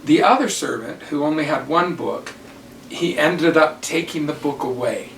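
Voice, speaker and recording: An older man and church teacher giving a devotional talk, telling personal stories slowly and deliberately. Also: on the high side, creaky, a little hiss or hum. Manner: slow, deliberate storytelling. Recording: roomy, distant mic, faint ambience.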